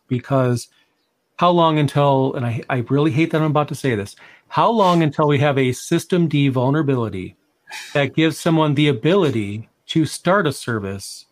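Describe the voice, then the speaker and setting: A man's voice: mid-range voice, dry recording. Man chatting on a tech podcast. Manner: conversational, emphatic, repeats words when starting sentences. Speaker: podcast co-host. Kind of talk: casual tech podcast discussion.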